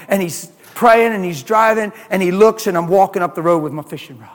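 A man preaching in a folksy storytelling sermon, swinging from low asides to loud, excited retellings. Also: brisk, few pauses, in a large hall.

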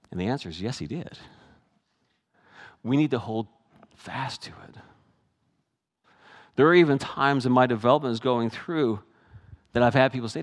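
A man's voice: mid-range voice, lively intonation, moderate pace. Preaching man in a reverberant hall. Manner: conversational preaching, acts out quoted voices. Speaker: pastor. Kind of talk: sermon. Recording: long reverb of a large hall.

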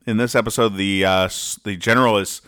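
A male podcast host reading comic strips aloud in a casual way, pausing often with "uh" and restarting sentences as he dryly explains each joke. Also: lowish voice, fairly even intonation, fairly bright tone, clean tone. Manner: halting, with frequent "uh" and restarts, dryly explaining jokes. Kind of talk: casual read-aloud commentary.

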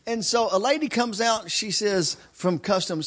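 A man preaching a sermon in a church, telling stories with animated delivery. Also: high-pitched, measured pace, hardly any pauses. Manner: animated, acts out shouting in stories. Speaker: guest preacher. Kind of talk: sermon with storytelling. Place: church sanctuary.

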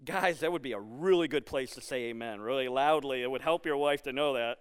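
A man's voice: mid-range voice, fairly quick, smooth. A man preaching a sermon as pastor, conversational and joking with the congregation, then pressing his points with emphasis.

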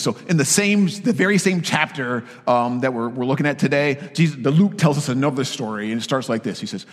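A man preaching a sermon, telling a story with lively, casual asides. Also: medium pitch, quick pace, long reverb tail.

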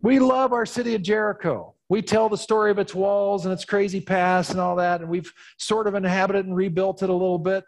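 A man's voice: sits high, steady tone, a little fast, creaky, hardly any pauses, voice pushed up. A man voicing an embarrassed townsperson complaining in a whiny, exasperated way.

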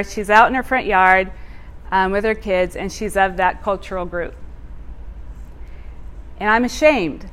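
A woman telling a personal testimony in a sermon, animated and expressive, laughing as she tells it. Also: on the high side. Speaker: church speaker.

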